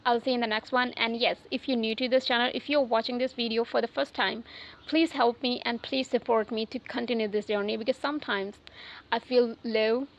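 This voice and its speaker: A woman with a slightly high voice chats unscripted to her viewers as the host of an English learning channel. She talks casually, often stopping to restart or correct herself. The recording sounds dull and lo-fi. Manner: chatty, frequent restarts and self-corrections. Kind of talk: unscripted casual talk to camera.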